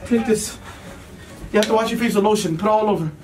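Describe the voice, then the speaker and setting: A man's voice: sits high, fast talker. Playful young man, teasing, mic a bit distant. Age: 20s. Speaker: vlogger pranking children. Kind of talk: casual prank vlog. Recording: distant mic with faint music.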